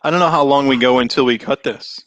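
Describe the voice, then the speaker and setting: A man's voice: mid-range voice, quick pace, crowd noise. A man with a Boston accent hosting a casual chat over a video call, easygoing, laughing often and rambling through restarts. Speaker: podcast host.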